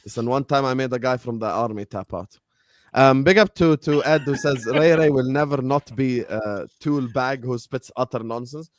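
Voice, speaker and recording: A man's voice: mid-range voice, moderate pace, no room sound, studio quality. Slangy laid-back man hosting a podcast. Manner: laid-back British slang, filler-heavy. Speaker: host. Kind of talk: casual podcast chat.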